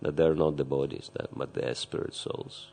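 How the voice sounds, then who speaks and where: Calm, measured meditation leader; very low, gravelly voice. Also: male voice, slight background noise. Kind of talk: spiritual teaching.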